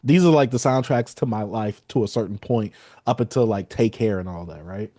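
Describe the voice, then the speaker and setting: A man's voice: lowish voice, a little fast, no room sound, studio quality. Man casually reviewing an album. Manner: animated, quotes lyrics and acts out reactions. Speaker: podcast co-host.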